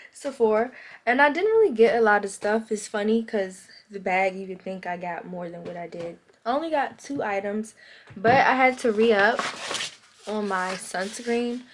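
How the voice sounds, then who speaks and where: A young woman telling a story to her vlog audience in a casual, animated way, acting out both sides of a conversation. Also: mid-range voice, background noise. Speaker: vlogger.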